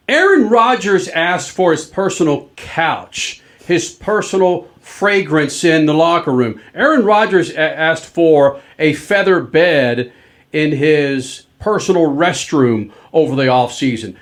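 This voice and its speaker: A man hosting a sports talk show, joking and ranting about athletes in loud, excitable banter. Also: fairly high pitch, slow. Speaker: sports radio host.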